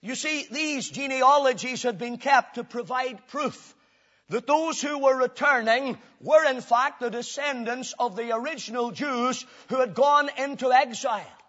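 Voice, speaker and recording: A man preaching a sermon emphatically, rising to loud declarations and dropping to low, intense passages. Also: unhurried. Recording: dull lo-fi recording.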